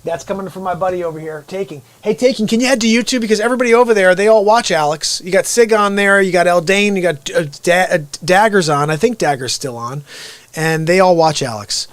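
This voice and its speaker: A middle-aged man hosting an unscripted live stream monologue, energetic, with sudden loud outbursts and low, quiet asides. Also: a little fast, dry recording.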